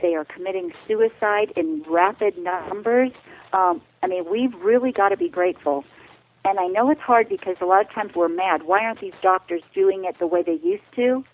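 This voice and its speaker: A woman's voice: medium pitch, normal speed. A woman speaking as a bioethicist guest on a radio interview, earnest and direct as she explains her advice. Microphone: telephone. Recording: tinny phone line.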